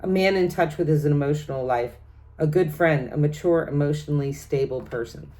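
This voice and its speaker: A woman's voice: sits low, a little fast, mellow. A middle-aged woman giving a casual tarot reading, chatty, laughing often and reeling off card meanings as lists. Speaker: tarot reader.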